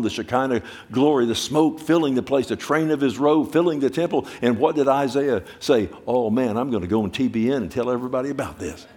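A man preaching a sermon, asking the listeners direct questions and swinging between hushed asides and loud exclamations. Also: mid-range voice.

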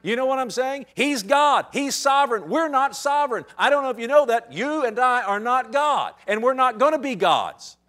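A man's voice: extremely high pitch, lively intonation, normal speed, hardly any pauses, bright, forceful tone. A man in his thirties preaching a sermon, conversational and building to emphatic points. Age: 30s. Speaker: pastor.

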